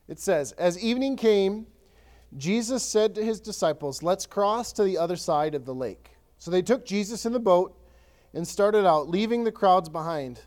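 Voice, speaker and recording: A pastor's voice sits high as he preaches a lively, conversational sermon. He restarts sentences often and dramatizes passages of scripture.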